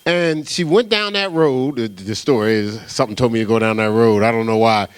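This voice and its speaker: Smooth and mid-range, fairly quick, with no room sound: that's the voice of a middle-aged New Jersey pastor giving a sermon. He tells stories with animation in a casual, conversational manner, often asking "right?"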